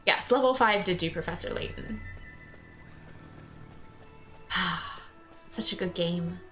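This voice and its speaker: A woman's voice: on the low side, measured pace, a bit bright, faint music behind. A woman streamer chatting casually while playing a game, with giggly asides. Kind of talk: casual let's-play chat.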